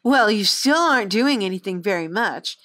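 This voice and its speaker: A woman's voice: mid-range voice, animated, moderate pace, bright, forceful tone. A woman voicing a bossy, haughty young noblewoman who talks in an imperious, demanding way.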